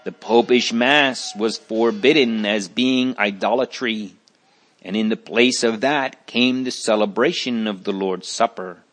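Guy slowly reading a church history story, measured and even. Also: on the low side. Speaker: narrator. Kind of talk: scripted narration of church history.

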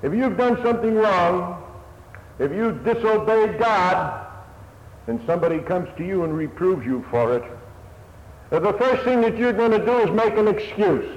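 Earnest preacher in an echoey hall. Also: male voice, high voice, moderate pace. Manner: earnest old-fashioned preaching, swelling and dropping. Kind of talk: sermon. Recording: echoey hall, dull lo-fi sound, faint hiss.

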